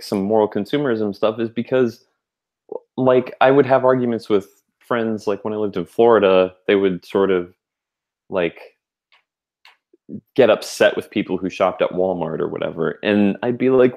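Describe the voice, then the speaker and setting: A young adult man co-hosts a podcast, rambling through a casual chat with lots of fillers and restarts. His darkish voice sits on the low side, with vocal fry and a normal pace. The highs in the audio are cut off.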